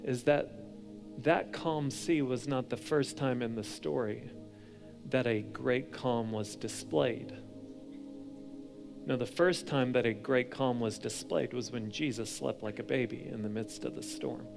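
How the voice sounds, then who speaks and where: A young adult man preaching a sermon as pastor, moving between hushed, intense passages and loud, animated storytelling. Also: mid-range voice, unhurried, gravelly, music in the background.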